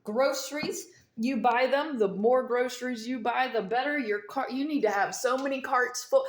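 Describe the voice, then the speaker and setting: A woman's voice: a little high, unhurried. A woman talking straight to camera, explaining things emphatically and repeating her key points, with a mint in her mouth. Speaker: vlogger explaining dream omens. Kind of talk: casual instructional monologue. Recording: echoey room.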